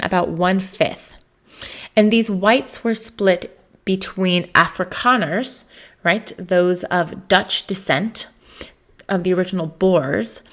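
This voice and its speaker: Chatty American woman teaching history. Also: lowish voice. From United States. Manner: conversational, lots of "right?" and "um" fillers; puts on voices for quoted people. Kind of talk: recorded classroom lecture.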